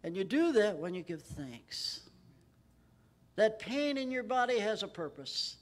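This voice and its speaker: A man preaching at a Bible study in a church, emphatic and rising in pitch when he quotes scripture. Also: very animated, unhurried. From Texas. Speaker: pastor.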